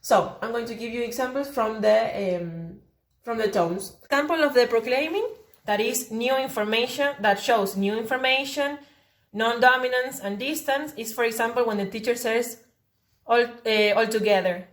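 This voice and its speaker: A woman's voice: a little high, normal speed. A young woman student giving an oral exam presentation on phonology, explaining carefully and correcting herself as she goes. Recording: roomy echo.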